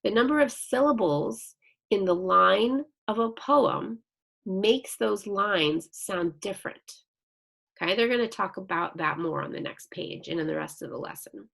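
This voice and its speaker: Slow, gravelly-voiced woman teacher. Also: mid-range voice, a bit bright. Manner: slow, patient, encouraging, reading sentences aloud carefully. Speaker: second grade teacher. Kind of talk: recorded online lesson for young children.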